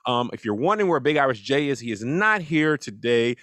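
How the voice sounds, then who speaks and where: A man's voice: mid-range voice, big pitch swings, a little fast, few pauses, fairly bright tone, no room sound. A man hosting a talk show in a loose, joking way, introducing a guest and asking questions. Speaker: host.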